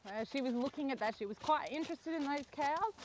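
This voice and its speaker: A young woman riding and training a horse outdoors, explaining each step calmly and softly praising the horse. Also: high voice, fairly quick, a little hiss or hum. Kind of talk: narrated riding lesson while training a horse. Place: outdoor rural riding arena.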